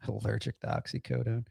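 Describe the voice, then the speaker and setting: A man's voice: mid-range voice, gravelly, a little mellow, breathy edge, no echo, studio quality. A middle-aged man hosting a livestream, ranting with profanity and bursts of laughter while reacting to a clip and reading chat. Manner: heated, profane, laughing outbursts. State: in outpatient rehab.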